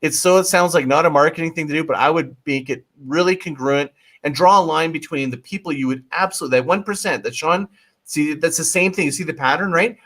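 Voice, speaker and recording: A man's voice: a little high, fast talker, a bit bright. A man talking as a guest marketing coach in a casual interview, emphatic and pleading, often breaking off and restarting, with the odd swear word.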